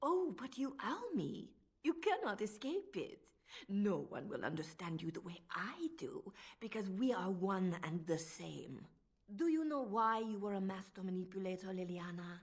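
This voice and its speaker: French-accented spymistress, game voice, husky, gravelly, lively pitch, silky menace. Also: female voice, normal speed. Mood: taunting. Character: scheming woman spymistress, cold and manipulative. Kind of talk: video game voice acting.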